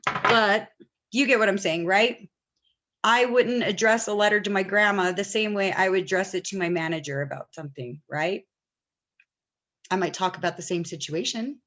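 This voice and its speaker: A woman's voice: mid-range voice, normal speed, a bit bright. A woman teaching an online class, talking casually and often checking that students follow. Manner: chatty, asks the class questions often.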